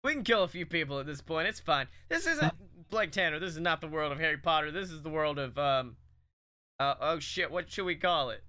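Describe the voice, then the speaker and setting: A man co-hosting a comedy podcast rambles excitedly through an invented story, full of ums, swearing and laughs. His voice is high and bright, with a smooth, clear tone. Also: fairly quick. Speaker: podcast co-host. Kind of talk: casual comedy chat, pitching a made-up movie plot.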